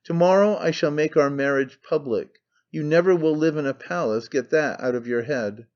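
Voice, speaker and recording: A proud, stern nobleman pressing his point with cold impatience, as a male reader puts him on. The voice sits slightly high, and the audio is dull and muffled. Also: moderate pace, a little mellow, lightly acted. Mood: commanding. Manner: impatient, commanding.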